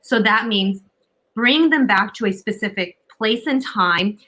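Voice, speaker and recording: A woman speaking as an expert guest with a bright, forceful tone. She explains her points confidently and emphatically, often tagging sentences with a quick "right?". Her delivery is instructive and direct. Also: medium pitch, expressive, rough recording. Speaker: communication coach guest. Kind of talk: advice-giving interview talk.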